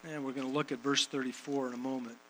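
Bright-voiced man preaching a sermon. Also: medium pitch, little pitch movement, fast talker, a little hiss or hum, low-quality recording. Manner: emphatic, repeats phrases for rhythm.

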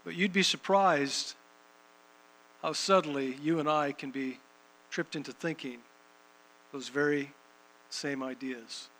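A man's voice: a little high, fairly even intonation, slow, pauses often, a bit bright, poor audio. A man preaching a sermon and reading scripture, emphatic, repeating phrases for rhythm.

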